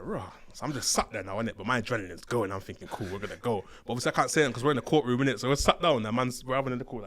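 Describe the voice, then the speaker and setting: A man telling stories from his days as a prison officer, slangy and animated, acting out the voices of the people he describes. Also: medium pitch, racing, few pauses. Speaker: interview guest, former prison officer. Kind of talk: casual storytelling. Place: studio.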